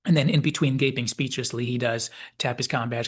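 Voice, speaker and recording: A man hosting a video essay, giving measured, reflective commentary and reading out quoted dialogue. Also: mid-range voice, steady tone, breathy edge. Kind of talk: analytical commentary.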